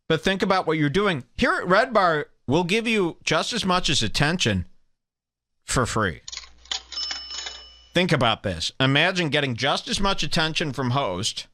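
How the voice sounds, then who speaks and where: Sarcastic male host with a bright voice. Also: no room sound, studio quality. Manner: sarcastic, salesman-like pitch. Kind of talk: mock-promotional live stream commentary.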